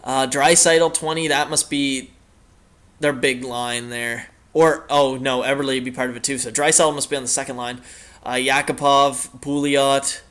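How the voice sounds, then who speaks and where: A man's voice: mid-range voice, fairly bright tone. A young man casually commenting on a hockey video game as its host, rambling with many fillers and the odd swear. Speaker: gaming channel host.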